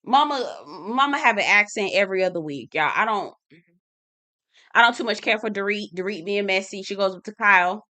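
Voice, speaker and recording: Woman, sassy recap host, bright forceful voice, teasing, talks straight to viewers. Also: mid-range voice, fairly quick. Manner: sassy, calls viewers "y'all" and "girl"; laughs and teases, animated. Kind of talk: chatty commentary video.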